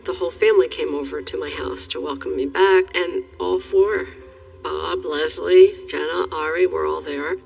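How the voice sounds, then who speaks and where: A woman's voice: sits low, fairly even intonation, normal speed, vocal fry, darkish tone, far from the mic, faint music behind, poor audio. A woman interviewed about a friend, speaking thoughtfully in a reflective interview.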